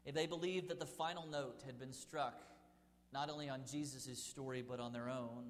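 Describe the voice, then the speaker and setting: A male pastor preaching a sermon, telling stories with dramatic pauses and emphasis. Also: mid-range voice, steady tone, big-room sound.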